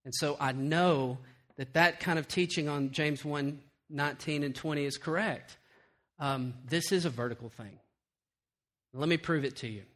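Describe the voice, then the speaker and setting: A middle-aged male pastor preaching a sermon, telling animated stories and acting out quoted lines, then turning quiet and earnest. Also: on the high side, moderate pace.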